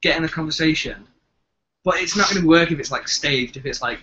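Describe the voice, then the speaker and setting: A man's voice: a little high, a little fast, sharp tone, slight background noise. A young man with a Liverpool accent, co-hosting a casual live chat, jokey and rambling. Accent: Liverpool English. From England. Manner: chatty, jokey, trails off mid-sentence. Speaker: co-host. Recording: dull lo-fi webcam audio.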